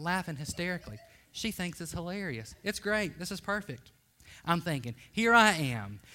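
Lively preacher telling a story. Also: male voice, high-pitched. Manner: animated, self-deprecating storyteller addressing the congregation. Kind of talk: storytelling sermon.

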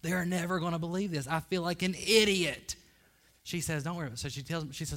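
A man's voice: on the high side, a little fast, fairly bright tone. A man preaching a sermon, telling a funny personal story with self-deprecating asides to the congregation.

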